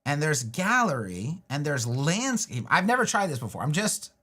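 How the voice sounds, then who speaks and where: A man's voice: on the high side, very animated, moderate pace, bright, forceful tone. A man hosting a live web design stream, thinking aloud as he works, loose and talkative with frequent restarts and little jokes to himself. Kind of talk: thinking aloud while building a website live.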